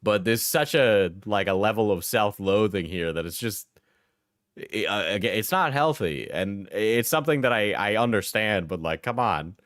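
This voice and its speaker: A man hosting a live stream, reacting with rambling, halting commentary and frequent laughs. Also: on the low side, lively intonation, a bit bright, no echo, clean studio sound. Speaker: streamer host.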